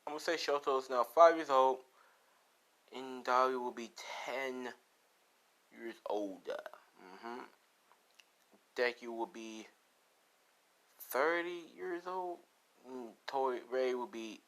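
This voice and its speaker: A man's voice: medium pitch, lively intonation, takes it slowly, long pauses, a bit bright. A man casually improvising a fan story aloud, rambling with restarts, asides and swearing. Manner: rambling, profane, lots of "you know" and restarts.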